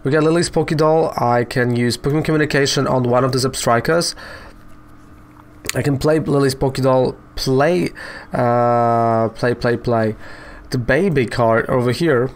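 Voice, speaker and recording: A man's voice: medium pitch, measured pace, pauses often. A man giving casual, joking commentary while playing an online card game, often adding "right?" and "you know". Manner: chatty, peppers talk with "right?" and "you know"; joking, self-mocking asides.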